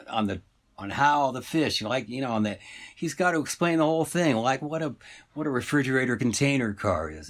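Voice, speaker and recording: A man casually retelling a story, meandering and full of asides and fillers. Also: medium pitch.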